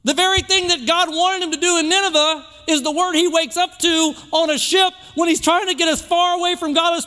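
A man preaching a sermon in a church, emphatic and repetitive, building phrases up toward shouts. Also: very high-pitched, in a large hall. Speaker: pastor. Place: church sanctuary.

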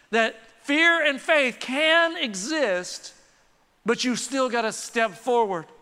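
A man preaching a lively sermon with quick asides, leading the congregation in call and response. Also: very high-pitched, smooth. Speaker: pastor. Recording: reverberant church hall.

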